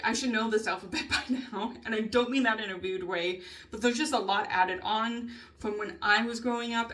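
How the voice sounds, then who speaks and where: A woman's voice: mid-range voice, fairly bright tone. A young adult woman vlogging a casual spoken journal, rambling with lots of fillers, swearing, laughing and sighing as she talks. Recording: voice a bit far from mic.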